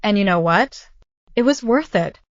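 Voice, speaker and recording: A woman's voice: mid-range voice, lively intonation, moderate pace, dry recording, highs cut off, natural voice. A woman voicing a scheming, cruel husband in a story reading, with a sneering manner.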